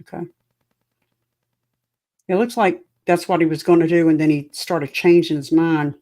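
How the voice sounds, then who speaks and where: Live on a home streaming setup, a woman host gives anxious reaction commentary and talks with viewers. She has a low, dark voice, holds a steady tone, and speaks at a normal speed.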